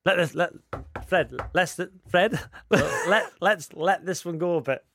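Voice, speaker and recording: A man co-hosting a podcast, chatting in a relaxed, rambling way. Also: high voice, slow pace, gravelly, slight background noise. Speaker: podcast co-host. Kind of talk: casual chat.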